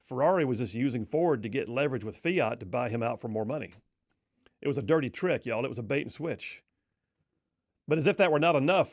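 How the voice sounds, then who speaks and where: A man's voice: medium pitch, no echo, studio quality. A male talk radio host telling a story in a folksy, emphatic way.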